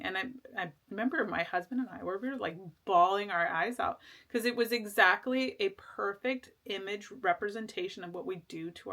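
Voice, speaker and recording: A woman's voice: medium pitch, sharp tone. Woman, tarot reader, casual spoken reading, rambling, fillers and restarts, earnest, reassuring.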